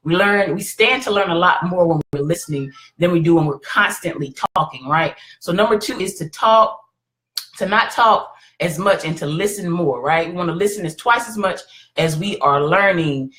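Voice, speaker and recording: A woman's voice: on the low side, normal speed, a bit bright. Encouraging woman hosting a live stream. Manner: encouraging, keeps checking in with "right?". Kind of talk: motivational live stream talk.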